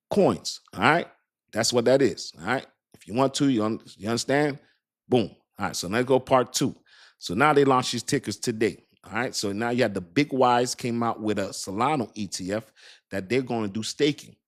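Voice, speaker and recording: A man in his fifties with a somewhat low voice talks straight to his viewers about crypto in a loose, casual way. He circles back over the same points and keeps checking that they understand. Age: 50s. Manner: mimics doubters in a higher voice. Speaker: crypto channel host.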